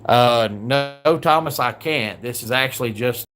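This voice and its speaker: A man's voice: medium pitch, a little slow, a bit bright. A man with a Southern US accent, hosting a live stream, chatting casually and grumbling through a countdown while greeting viewers from the comments. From American South. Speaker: livestream host. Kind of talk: casual livestream countdown chat.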